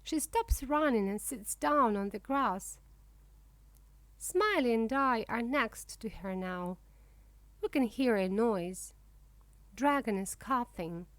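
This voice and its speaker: A woman narrating a children's book for English learners, reading slowly, clearly and expressively. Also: on the high side, animated, no room sound. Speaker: audiobook narrator.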